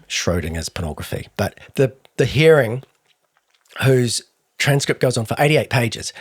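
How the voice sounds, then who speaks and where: Wry deep-voiced New Zealand man. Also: breathy edge, no echo. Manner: dry, wry asides while recounting. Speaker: podcast co-host. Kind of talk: true crime podcast narration.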